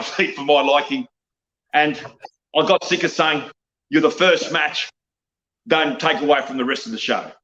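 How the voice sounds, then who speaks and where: Ranting older Australian man, fast. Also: a little high, fairly bright tone, dull audio. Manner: blunt, profane, rambling, tags "mate" on nearly every line. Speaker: wrestling guest. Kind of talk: ranting interview talk.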